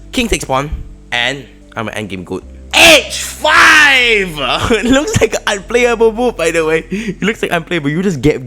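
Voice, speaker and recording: A young man walking through his own chess game move by move, lurching between quiet muttered analysis and sudden loud excited outbursts. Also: fairly low pitch. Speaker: chess streamer. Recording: faint music behind.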